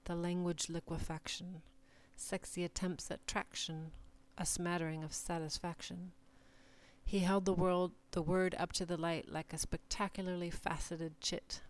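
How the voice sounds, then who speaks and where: A woman giving a measured, deliberate reading of short numbered literary passages. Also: lowish voice, flat delivery. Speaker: reader.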